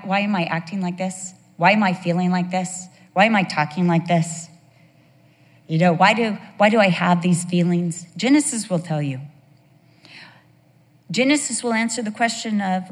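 Animated woman teaching in a reverberant hall. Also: fairly low pitch. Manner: animated, conversational storytelling. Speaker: Bible teacher. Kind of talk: sermon.

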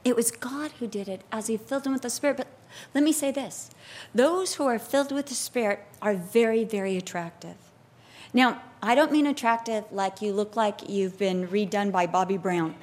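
A woman preaching a sermon, telling stories with lively acted-out quotes. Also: a little high, moderate pace. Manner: animated, expressive storytelling with acted-out quotes.

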